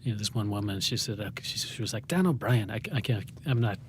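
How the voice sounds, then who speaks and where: American guy rambling through a story, lots of ums, lowish voice, faint hiss behind. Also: steady tone, quick pace. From United States. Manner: rambling and self-deprecating, with many fillers and restarts. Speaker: guest playwright. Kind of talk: conversational interview.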